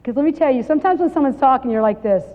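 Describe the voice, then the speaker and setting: Animated woman teaching in an echoey hall. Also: high-pitched, racing. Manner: animated, laughing, acts out little quoted exchanges. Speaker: Bible study speaker. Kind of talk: lively Bible study talk to women. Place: large hall with audience. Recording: muffled 1990s video recording in a reverberant hall.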